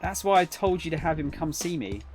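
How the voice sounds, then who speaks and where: A man voicing a gruff, threatening middle-aged father who speaks in a firm, flat, blunt way. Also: fairly high pitch, fairly quick, soft background music, close to an everyday voice. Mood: gruff, demanding.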